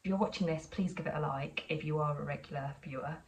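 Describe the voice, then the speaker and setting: A low-voiced English woman talking to her viewers in a relaxed, rambling way, full of asides. She sounds a little away from the mic. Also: fast talker, far from the mic, muffled recording. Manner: chatty, rambling storytelling with frequent asides. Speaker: vlogger. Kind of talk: casual vlog chat.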